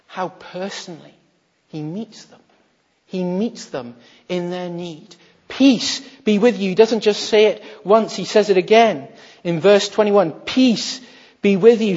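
A man, a minister, preaching a sermon with rhetorical questions, swinging between emphatic lines and hushed quoted words. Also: high voice. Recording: muffled, echoey hall recording.

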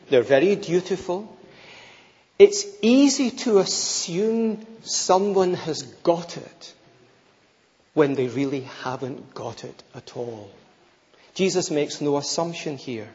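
Slow, emphatic male preacher in a hall. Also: a little high, darkish tone. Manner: emphatic, rhetorical, repeats key phrases. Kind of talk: sermon. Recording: long reverb, slightly dull sound.

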